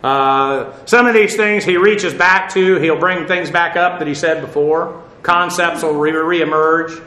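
A man's voice: a little high, measured pace, sharp tone, echoey room. A man giving a verse-by-verse Bible lesson, talking conversationally with fillers and asides while he stands before a seated audience. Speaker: Bible teacher.

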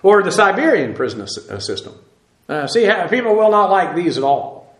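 A man's voice: high-pitched, very animated, normal speed, roomy sound. A middle-aged man preaching, teaching verse by verse in a plain conversational way with many fillers and restarts. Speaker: pastor. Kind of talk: sermon.

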